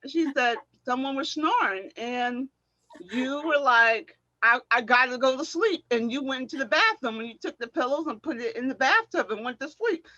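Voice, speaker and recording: A middle-aged woman, a former track athlete, telling animated stories in a casual chat and acting out what people said, often laughing. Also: high voice, moderate pace, dry recording, dull audio. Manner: animated storyteller, acts out quotes, laughs often.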